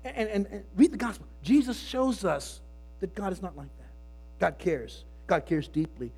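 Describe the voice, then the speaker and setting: A man's voice: high voice, moderate pace, a little mellow, breathy edge, soft background music. A man preaching a sermon in an earnest way, often repeating words as he builds his points. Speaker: pastor.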